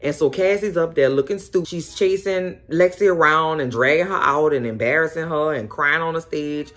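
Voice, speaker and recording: A woman hosting a casual recap of a TV episode, telling it in a sassy, animated way full of exclamations. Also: deep voice, moderate pace. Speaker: host.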